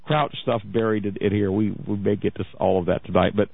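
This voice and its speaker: Mocking radio talk host, tinny sound. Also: male voice, fairly low pitch, fairly even intonation, fairly quick, creaky. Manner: mocking, chatty, laughs often. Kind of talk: casual radio commentary. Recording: tinny phone-like radio audio.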